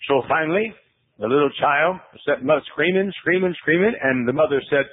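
A man preaching a sermon in a folksy storytelling way, often dropping to low, hushed tones. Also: a little fast, breathy edge. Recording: tinny phone-like radio broadcast.

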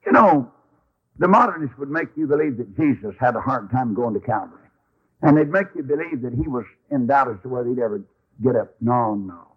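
Brief: emphatic folksy preacher, husky voice swinging up and down, dull radio sound. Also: male voice, mid-range voice, expressive, a little fast. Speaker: Baptist preacher. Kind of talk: sermon.

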